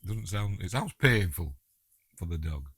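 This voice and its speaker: A man's voice: low-pitched, lively intonation, a little slow, a bit bright, slightly rough, no echo, studio quality. A man with a Yorkshire accent giving a chatty, jokey audio commentary on a film and talking back to the characters on screen. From England.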